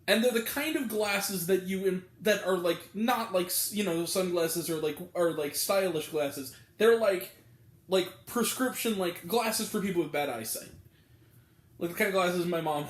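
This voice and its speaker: A man's voice: sits high, roomy sound. A man giving a casual, exasperated spoken film review, rambling with lots of fillers. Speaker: movie reviewer.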